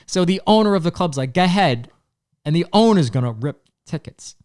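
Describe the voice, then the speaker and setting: A man's voice: a little high, expressive, brisk, a little mellow. A man co-hosting a podcast, telling long rambling stories and acting out the people he quotes. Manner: rambling storyteller, acts out quotes. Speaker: podcast co-host. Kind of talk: casual chat.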